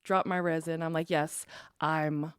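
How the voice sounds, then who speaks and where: A woman's voice: deep voice, little pitch movement, measured pace, clear, resonant tone, no echo, clean studio sound. A woman guest on a podcast, telling her own story in casual chat and acting out what others said. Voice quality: acts out quoted dialogue. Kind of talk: animated personal storytelling.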